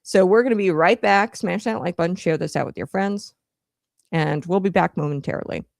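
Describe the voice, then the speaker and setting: A young woman hosting political commentary, a little out of breath from late pregnancy, riffing in an animated way with plenty of fillers. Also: on the low side, fairly quick, gravelly. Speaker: host.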